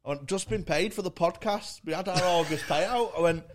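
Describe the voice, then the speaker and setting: A man, a comedian co-hosting a podcast, swearing freely while he tells animated anecdotes. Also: high-pitched, normal speed, a little hiss or hum. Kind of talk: casual chat, swearing anecdotes.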